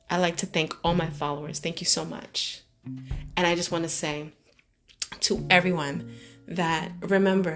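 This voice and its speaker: Expressive woman vlogger over guitar music. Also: on the low side. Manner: emphatic, expressive, shifting pace. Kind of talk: motivational monologue to followers. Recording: guitar music playing behind the voice.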